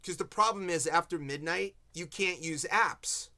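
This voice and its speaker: Guy host, bright higher voice, chatty storyteller doing everyone's lines. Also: moderate pace. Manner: animated storyteller, quoting people. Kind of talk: casual chat.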